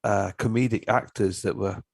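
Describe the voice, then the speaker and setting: A man as a podcast guest, rambling through animated stories about old comedy films. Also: fairly low pitch, moderate pace, creaky, breathy edge, no room sound. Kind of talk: casual chat.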